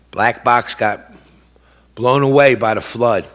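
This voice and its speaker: A man's voice: mid-range voice, measured pace, fairly bright tone. A middle-aged man speaking as a grieving, indignant father at a press conference, emotional and repeating "you know?". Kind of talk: impassioned public statement. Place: press club conference room.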